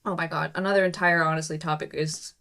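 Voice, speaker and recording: A woman guest on a podcast in casual chat, telling animated stories with laughs and quoted lines. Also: low-pitched, fast. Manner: animated storytelling, laughing, quoting people.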